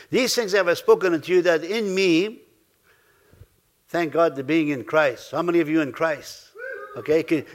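Male preacher, fairly high voice, animated delivery that rises loud then drops to quiet asides, stumbles and repeats words. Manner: animated, swings between loud exclamations and soft asides; halting, repeats words and restarts. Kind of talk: sermon.

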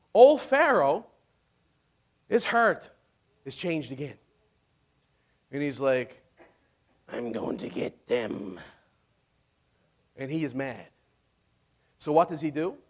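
A man delivers a sermon in a notably high voice. He tells the story in an animated, casual way, acting out the characters and laughing along the way. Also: slow pace, pauses often. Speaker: pastor.

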